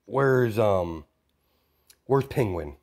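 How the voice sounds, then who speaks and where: A man's voice: on the low side, expressive, extremely slow, vocal fry, darkish tone, full character voice. A man voicing a stern, wary caped vigilante who asks demanding questions.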